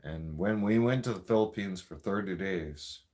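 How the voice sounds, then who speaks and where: A man's voice: deep voice, normal speed, darkish tone. A man telling a profane, rambling story in a casual rant. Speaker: vlogger.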